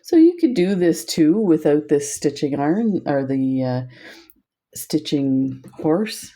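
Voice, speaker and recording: Older woman, French first language, rambling friendly craft teacher; slow, unhurried delivery. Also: low voice, sing-song, mellow. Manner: chatty, digressive, laughs often. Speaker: craft instructor. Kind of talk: casual crafting tutorial chat.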